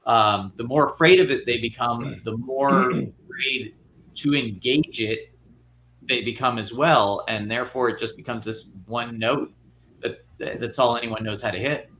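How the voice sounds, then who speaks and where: A man's voice: medium pitch, a little slow, fairly bright tone, slight background noise. A man on a casual panel discussion, talking about casting and acting in long, rambling thoughts full of restarts and fillers. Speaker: filmmaker guest.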